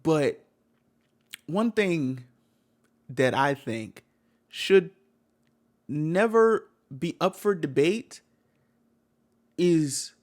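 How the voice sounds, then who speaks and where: Lively, blunt, profane young-sounding man. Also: a little high, very slow, long pauses. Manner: blunt, slangy and profane, repeats himself. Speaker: streamer reacting to a video. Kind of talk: heated reaction commentary.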